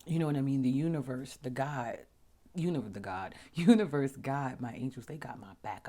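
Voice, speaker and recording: A woman with a notably low-pitched voice hosts her own podcast and talks through her experiences in a casual, storytelling way. She gets animated when she acts out conversations, then drops into soft, near-whispered murmurs when she turns reflective. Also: unhurried. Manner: chatty, animated, acts out dialogue with big pitch jumps. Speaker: podcast host.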